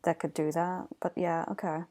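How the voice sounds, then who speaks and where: A woman's voice: fairly low pitch, little pitch movement, moderate pace, mellow. A woman co-hosting a casual podcast, reacting animatedly and joking playfully. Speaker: podcast co-host.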